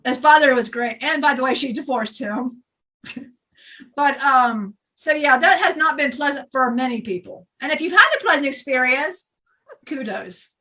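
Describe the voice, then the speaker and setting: A woman's voice: high voice, expressive, moderate pace, pushed and bright, recorded from a distance. A woman channeling a rowdy, joking male spirit who talks in a boisterous, rambling way.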